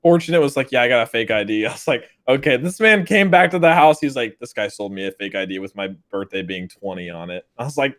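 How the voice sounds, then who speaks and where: Man in his twenties from Texas, casual co-host, easygoing storyteller, animated delivery. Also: medium pitch, fast, few pauses. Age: 20s. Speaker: podcast co-host. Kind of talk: casual chat.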